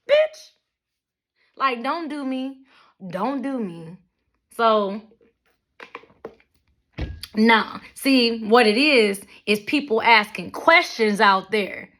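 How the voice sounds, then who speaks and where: A young adult woman vlogging a blunt, profane rant to her viewers, with mocking asides and animated storytelling. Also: fairly high pitch, slow pace, long pauses. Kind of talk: ranting monologue to camera.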